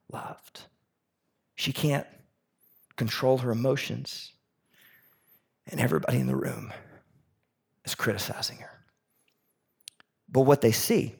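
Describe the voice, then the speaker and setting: A man preaching a sermon in a conversational, animated way, asking the audience questions and swinging from loud emphasis to soft near-whispers. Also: mid-range voice, gravelly, breathy edge. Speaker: pastor.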